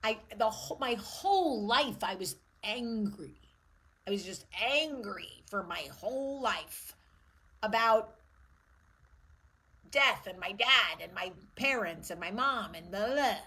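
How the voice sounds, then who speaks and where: A woman's voice: medium pitch, expressive, takes it slowly, bright, forceful tone, slightly rough, low-quality recording. A woman in her forties hosting her own vlog, talking candidly and emotionally and swearing freely. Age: 40s. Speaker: show host. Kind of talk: candid personal vlog monologue.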